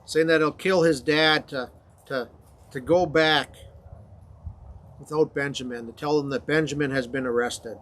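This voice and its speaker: A man's voice: a little high, steady tone, fairly bright tone. Man casually retelling a Bible story. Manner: conversational, halting, frequent fillers. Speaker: confirmation class teacher.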